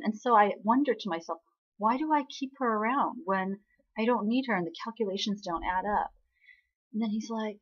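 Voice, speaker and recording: Female recap host, chatty and casual, slightly breathy voice, muffled lo-fi sound. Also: mid-range voice, moderate pace. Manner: chatty, many fillers, quotes characters in her own voice.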